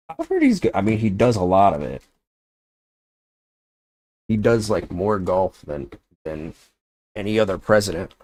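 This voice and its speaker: A man's voice: sits low, darkish tone, no room sound. A young man chatting casually on a livestream, rambling and joking with lots of filler words. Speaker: streamer.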